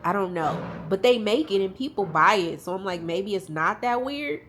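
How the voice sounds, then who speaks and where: A woman's voice: mid-range voice, animated, moderate pace, background noise. A young woman talking to her viewers at home, tearful and rambling as she talks openly about grief. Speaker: vlogger. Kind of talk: casual vlog talk to camera.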